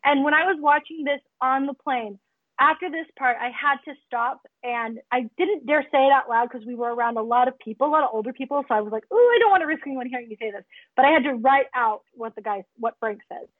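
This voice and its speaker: A woman co-hosting a casual podcast about a film, chiming in with quick laughing asides and enthusiastic reactions. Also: high voice, steady tone, no room sound. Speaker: podcast co-host. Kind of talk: casual movie recap chat. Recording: muffled phone-line call audio.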